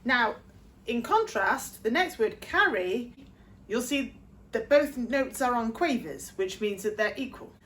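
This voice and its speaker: A woman's voice: fairly high pitch, lively intonation, a bit bright. A woman, a vocal coach explaining sheet-music rhythm step by step and singing short phrases to demonstrate. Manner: explains slowly, sings short demo phrases. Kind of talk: music theory lesson.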